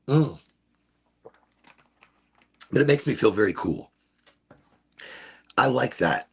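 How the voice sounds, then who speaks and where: Gravelly, husky man rambling playfully. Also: medium pitch, big pitch swings, measured pace, long pauses. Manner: rambling, playful, self-amused. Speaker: podcast host. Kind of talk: casual stoned monologue.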